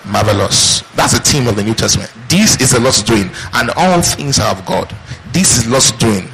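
A man's voice: medium pitch, lively intonation, moderate pace, a bit bright, a little hiss or hum, poor audio. A man preaching a sermon, asking rhetorical questions and answering them in call-and-response. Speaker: pastor.

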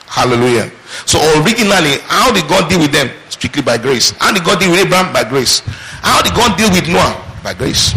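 Bright-voiced male pastor preaching call-and-response. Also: fairly high pitch, rough recording. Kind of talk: sermon.

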